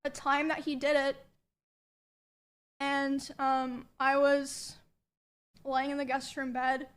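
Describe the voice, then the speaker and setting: A young woman quietly recounting a painful past experience, hesitant, with many pauses. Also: high-pitched, level tone. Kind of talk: personal account of a painful past.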